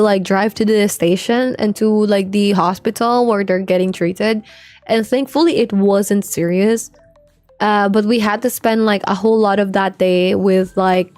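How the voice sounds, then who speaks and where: A young Filipina streams a game and chats loosely, cursing freely and saying "like" constantly. Her voice sits at a medium pitch with a slightly mellow quality, and the recording is dry.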